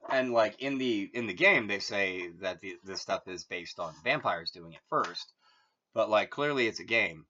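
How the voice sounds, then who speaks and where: A man's voice: lowish voice, pushed and bright, highs cut off. A man from Massachusetts hosting his channel, explaining things in a loose, rambling monologue full of "like". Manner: rambling, heavy use of "like". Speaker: channel host.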